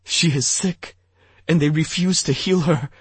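A man voicing a frightened human king who pleads through sobs, his voice pitched high and strained. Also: level tone, unhurried, a little mellow, husky, dry recording. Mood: sobbing. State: sobbing. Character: desperate weeping human king, fearful father.

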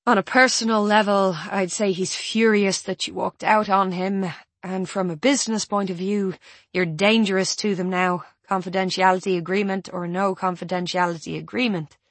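A woman's voice: medium pitch, steady tone, moderate pace, no echo, lightly acted. A woman voicing an insistent adult female friend who presses hard for answers, sounding exasperated.

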